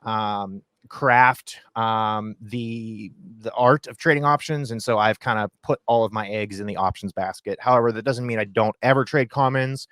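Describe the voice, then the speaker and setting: Speaking as a guest over a video call, this full-time options trader from Ohio gives a loose, conversational explanation full of fillers and restarts. His voice sits on the low side, steady and smooth with a slight brightness, moving at a moderate pace with few pauses. The recording is dry and studio quality.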